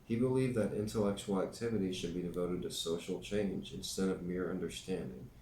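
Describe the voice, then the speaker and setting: A man's voice: low-pitched, fairly even intonation, a little fast, mellow. A man reading a nonfiction book aloud and adding dry joking asides between the passages. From United States. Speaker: reader and teacher. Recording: roomy echo, faint background noise.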